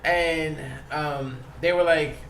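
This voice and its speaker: A man with a slightly high voice tells stories on a podcast and acts out the voices of the people he quotes. He talks loosely and casually and laughs often. The room is echoey, with a faint hiss behind him. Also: fairly even intonation, slow pace, fairly bright tone. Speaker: tattoo artist guest. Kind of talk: casual storytelling interview.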